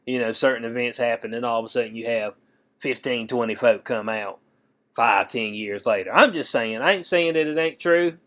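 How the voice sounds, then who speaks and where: A man giving casual political commentary on his vlog, animated and slangy, breaking into laughs often. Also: fairly high pitch.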